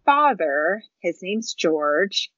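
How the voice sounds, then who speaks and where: Woman, book-chat guest, chatty and low-pitched, dry audio. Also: very animated, drawn-out words, fairly bright tone, no echo. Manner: chatty, informal summarizing. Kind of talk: casual chat. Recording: dry, slightly muffled audio.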